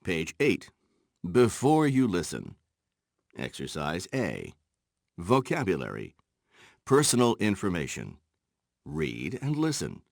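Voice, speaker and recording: Slow, gravelly male textbook narrator. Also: sits low, wildly swooping pitch, no room sound, clean studio sound. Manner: measured, announcing page and exercise numbers. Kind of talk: scripted instructional narration.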